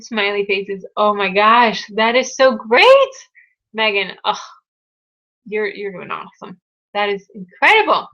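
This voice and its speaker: A bright, forceful young woman talks straight into a webcam, gushing and upbeat as she hosts a live Q&A. The sound is dull and lo-fi. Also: mid-range voice, normal speed. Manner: upbeat, gushing over viewer news. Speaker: live Q&A host. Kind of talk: casual live-stream chat.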